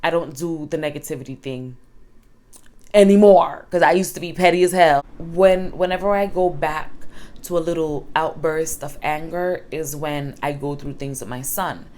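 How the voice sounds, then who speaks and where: Frank, emphatic woman with a low voice. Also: normal speed, darkish tone. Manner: emphatic, frank, casual swearing. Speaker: single mother vlogger. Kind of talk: candid personal storytelling to camera.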